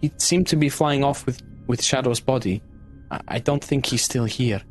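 A man voicing a wary young woman who speaks in halting, hesitant phrases. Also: medium pitch, faint music behind, pitched above the performer's own voice, natural voice.

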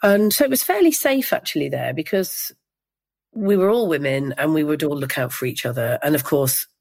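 Older woman from the northeast telling her story slow and thoughtful, low voice. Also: animated, gravelly, darkish tone. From Northeast England. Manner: measured, reflective storytelling with pauses and restarts. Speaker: interviewee. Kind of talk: recounting a personal memory.

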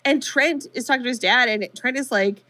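At a live show venue, a woman co-hosting a podcast chattily recaps a movie's plot scene by scene, tossing in quick quoted voices. Her fairly high voice is bright and forceful, with no room sound.

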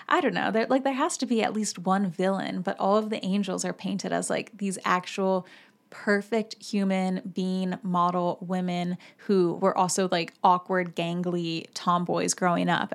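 A woman's voice: medium pitch, moderate pace. Chatty young woman with a sore voice. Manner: chatty, filler-heavy, with many "like"s. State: sore, slightly hoarse voice. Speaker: podcast host. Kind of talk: casual chat.

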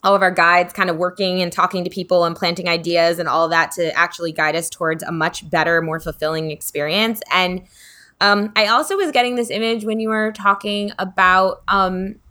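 A woman's voice: fairly low pitch, fairly even intonation, brisk, bright, forceful tone. A woman talking in a casual, rambling, reflective way, with lots of fillers, as a podcast co-host. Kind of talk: casual spiritual chat.

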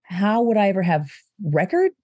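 Woman, casual chat, mellow voice, halting speech, frequent restarts, dry recording. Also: medium pitch, big pitch swings, dry recording, muffled recording. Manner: chatty, halting, with many restarts and laughs. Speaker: guest telling her story.

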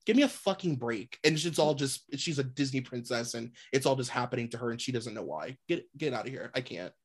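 A woman's voice: very deep voice, brisk, slightly rough. A woman co-hosting a podcast in casual chat, ranting bluntly with lots of swearing. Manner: blunt, sweary, animated rants with laughs. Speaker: podcast co-host.

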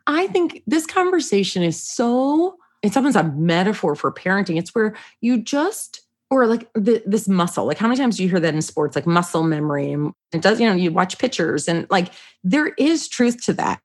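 A woman co-hosting a parenting podcast, chatting casually and telling stories with animated quoted voices and frequent laughter. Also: medium pitch, moderate pace, hardly any pauses. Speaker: podcast co-host. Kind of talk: casual chat.

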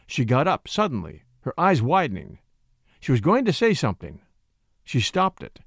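A man reading a story aloud as narrator, with dramatic, expressive delivery. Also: mid-range voice, normal speed, gravelly, husky, no echo, clean studio sound. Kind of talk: audiobook reading.

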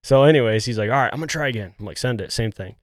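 Man, podcast host, lively storytelling, acts out quotes, dry close sound. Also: medium pitch, rapid-fire, no echo. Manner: animated, acts out quotes, says "dude" often. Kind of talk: casual hunting storytelling.

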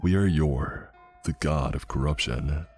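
Man doing a sinister demon god voice, extremely deep, husky, mocking, storybook. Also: unhurried, darkish tone, faint music behind, heavily acted. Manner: mocking, commanding, cackling. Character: disembodied male demon god of corruption, gleeful and sinister.

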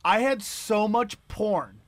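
A man's voice: high-pitched, animated, slow pace, a loud crowd. A man in a podcast studio chatting casually, laid-back and full of profanity.

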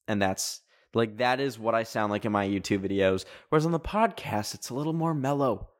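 Rambling young Canadian podcast host. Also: male voice, lowish voice, fairly quick. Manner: rambling, filler-heavy, animated. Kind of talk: casual podcast monologue.

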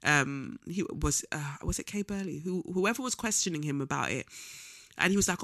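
A man's voice: sits high, moderate pace, pushed and bright, no room sound, studio quality. A young man gives a casual political commentary monologue, blunt and scornful, full of slang and frequent ums. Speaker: vlogger.

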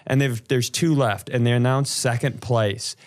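This man has a mid-pitched voice and tells a self-deprecating story at an easy, conversational pace. He is a comedian chatting casually on a podcast. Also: fairly even intonation, moderate pace.

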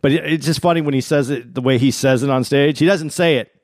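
A man co-hosting a casual podcast, telling a story in a rambling, halting way with lots of fillers. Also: medium pitch, no echo, clean studio sound. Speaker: podcast co-host.

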